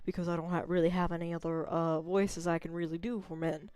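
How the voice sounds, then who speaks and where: A woman's voice: fairly low pitch, level tone, brisk, a little mellow, no echo. A young woman streamer chatting casually while she plays, rambling and unsure of herself as she tries out voices. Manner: rambling, self-doubting, trying out voices. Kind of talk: casual gameplay chat.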